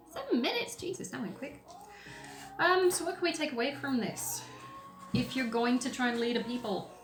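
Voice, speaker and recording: A woman hosting a podcast, talking in a blunt, sweary, sarcastic way with plenty of ums. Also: on the high side. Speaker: podcast host. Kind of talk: casual opinion monologue while painting. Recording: roomy echoey room sound.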